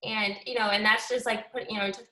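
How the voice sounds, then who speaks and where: A woman's voice: medium pitch, fairly even intonation, a little fast, pushed and bright. A woman hosting a video call, thanking her guest in a gushing way with hesitant restarts. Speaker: host. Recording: roomy, distant video call audio.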